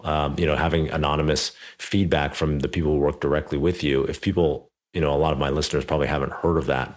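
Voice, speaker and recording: A man in his thirties hosting a podcast interview, telling a story in a chatty way full of fillers. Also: a bass voice. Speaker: podcast host. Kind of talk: casual conversational interview.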